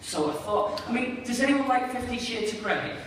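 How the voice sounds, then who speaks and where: A man's voice: extremely high pitch, lively intonation, normal speed, a crowd in the background. A young man with a Northern Irish accent doing a rambling, sardonic stand-up comedy set in a small venue. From Northern Ireland. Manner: rambling, self-deprecating, sardonic asides. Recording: distant mic, echoey hall, audience laughter.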